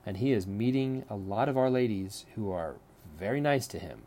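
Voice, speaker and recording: A man's voice: lowish voice, animated, moderate pace, dark tone. A man teaching a lecture on a play, talking conversationally, often repeating words and checking in with "right?".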